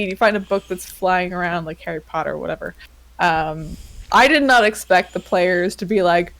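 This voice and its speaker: A woman's voice: medium pitch, expressive, moderate pace. A woman hosting a casual podcast chat, rambling with lots of fillers and frequent laughter. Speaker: podcast host.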